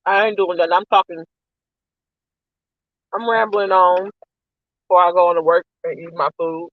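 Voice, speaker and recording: A man's voice: high voice, level tone, moderate pace, dry recording. A man rambling and venting in casual, profane chat on a live stream while eating, with a dull, muffled lo-fi recording.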